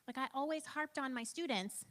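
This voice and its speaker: A woman in her thirties, with a high, slightly bright voice at a moderate pace, gives a casual church training talk. She's chatty and self-deprecating, sprinkling in lots of "like" and "um".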